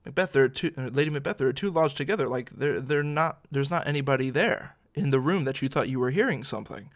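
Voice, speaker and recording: A man teaching literature in a relaxed, conversational lecture, explaining a play scene by scene with slangy asides. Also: mid-range voice, quick pace.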